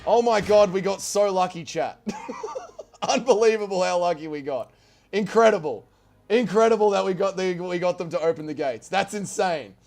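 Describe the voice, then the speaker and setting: A man streaming a strategy game, giving excitable live commentary, swearing and shouting orders and cheers. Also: high voice, normal speed, gravelly. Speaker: gaming streamer.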